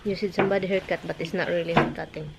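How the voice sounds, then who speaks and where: A woman's voice: lowish voice, fairly even intonation, rapid-fire, gravelly, very noisy. A woman with a Filipino accent talks casually with her husband and coos at her pets in a home vlog. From Philippines. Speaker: vlogger.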